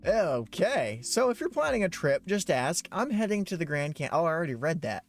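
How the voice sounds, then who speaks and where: A man co-hosting a casual podcast chat, animated and laughing often, now and then reading articles aloud. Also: a little high, normal speed, soft background music. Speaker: podcast co-host.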